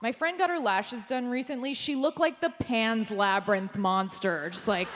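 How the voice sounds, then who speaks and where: A woman performing a stand-up comedy set on a theater stage, delivering deadpan punchlines and jumping high for quoted voices. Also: normal speed, a little hiss or hum. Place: theater stage before a live audience. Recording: live stage mic with hall reverb.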